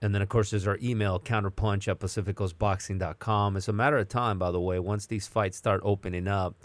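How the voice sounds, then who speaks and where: A man hosting a boxing podcast in casual chat, animated and emphatic, going off on excited tangents. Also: fairly low pitch, a little fast, no echo.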